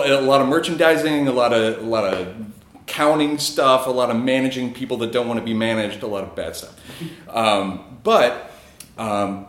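A man's voice: on the low side, a bit bright, echoey room. A man telling a personal story on stage in a casual, chuckling way, with many fillers.

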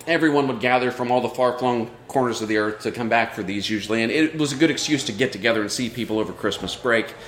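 A man's voice: mid-range voice, fast talker, few pauses, fairly bright tone. A man telling a personal story live on stage, earnest and reflective in tone. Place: live show at a brewery. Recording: roomy live venue sound.

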